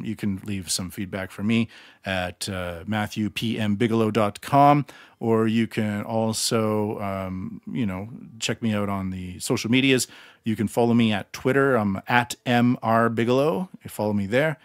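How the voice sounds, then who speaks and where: A man's voice: fairly low pitch, no echo, clean studio sound. A Canadian man hosting his own podcast, talking alone in a rambling, blunt and self-deprecating way. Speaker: podcast host. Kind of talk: casual solo monologue.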